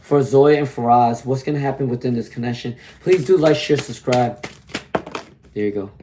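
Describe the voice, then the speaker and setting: Man, hoarse, warm low tone, tarot reader, chatty live stream, greets viewers. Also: normal speed, a little hiss or hum. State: hoarse from laryngitis.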